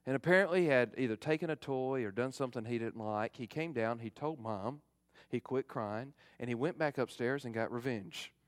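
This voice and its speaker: A middle-aged male pastor giving a fervent sermon, swinging from loud emphasis to hushed appeals. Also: mid-range voice, normal speed, dry recording.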